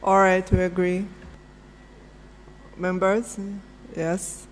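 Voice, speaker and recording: Man running a committee meeting, talks real slow, short procedural bits. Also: high voice, little pitch movement, a little hiss or hum. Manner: brief, measured procedural prompts. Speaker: committee chair, minister. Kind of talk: chairing a parliamentary committee. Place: large hearing room. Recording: long hall reverb.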